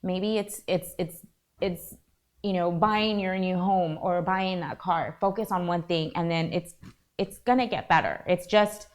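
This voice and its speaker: A woman hosting a talk show, sharing encouragement in an earnest, halting way. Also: lowish voice. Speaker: show host and foundation founder.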